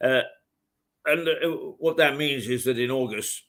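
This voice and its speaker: Guy hosting a morning show from a hotel, rambly, lots of uhs. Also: mid-range voice. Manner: rambling, halting, many fillers. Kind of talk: casual chat. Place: hotel room.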